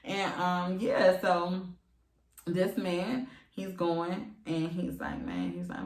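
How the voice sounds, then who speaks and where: A woman, telling a candid, animated story with bursts of laughter. She sits away from the mic in an echoey room. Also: fairly low pitch, slow, far from the mic. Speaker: podcast host. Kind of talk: explicit storytelling to listeners.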